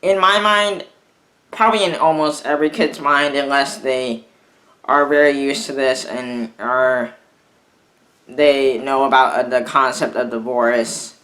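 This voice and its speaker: A young man speaks to his camera in a slow, unhurried way, telling a personal story. His voice is bright and somewhat tense. He rambles and keeps breaking off to restart his sentences. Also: medium pitch, fairly even intonation. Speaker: vlogger.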